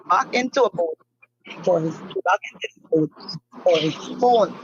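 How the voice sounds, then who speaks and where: A woman whose husband is a missing fisherman recounts events in an interview, halting and repeating herself with many fillers. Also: lowish voice, expressive, lo-fi sound, slight background noise. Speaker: family member of a missing fisherman, interview guest. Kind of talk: emotional first-hand account in an interview.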